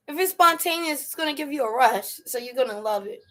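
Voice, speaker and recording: Her high-pitched voice is expressive, pushed and bright, moving at a normal speed. As host of a casual storytelling livestream, she chats in slang and laughs often while taking viewers' questions.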